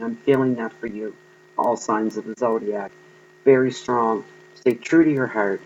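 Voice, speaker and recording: A man giving an earnest, encouraging tarot reading to viewers, pausing often with ums. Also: mid-range voice, highs cut off, slight background noise. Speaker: tarot card reader.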